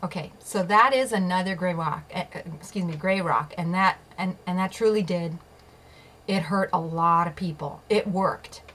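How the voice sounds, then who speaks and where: A woman's voice: lowish voice, normal speed, fairly bright tone, low-quality recording. A woman vlogger telling a personal story, emphatic, swearing at times and checking in with her listeners. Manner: emphatic, swears, asks "okay?" and "right?" often. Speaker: vlogger sharing personal experience.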